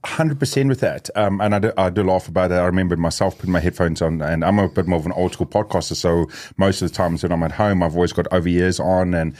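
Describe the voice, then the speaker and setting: A man's voice: deep voice, fairly even intonation, fast talker, hardly any pauses, darkish tone. A middle-aged man from Africa, hosting a podcast in a casual conversational way, thinking aloud with fillers and restarts. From South Africa. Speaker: podcast host.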